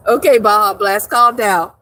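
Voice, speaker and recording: A woman's voice: mid-range voice, sharp tone. A young woman live streaming in casual chat, reading viewer comments with brash, profane joking and frequent laughter.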